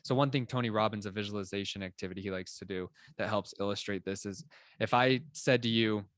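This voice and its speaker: A young adult man co-hosting a podcast, explaining ideas in an animated, casual way with plenty of filler words. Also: fairly low pitch, fast, no room sound, clean studio sound. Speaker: podcast co-host. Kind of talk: casual conversational chat.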